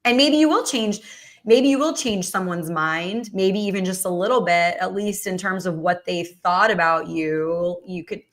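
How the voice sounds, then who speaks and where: A woman's voice: on the low side, moderate pace. A woman hosting a casual political chat, talking loosely with many fillers and restarts. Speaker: host.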